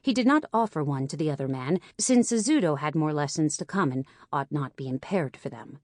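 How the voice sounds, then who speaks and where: A woman reads fiction aloud as an audiobook narrator, even and clear. Her voice sits low for a woman, and the sound is dry and close. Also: a little fast, few pauses, dry recording. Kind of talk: scripted narration.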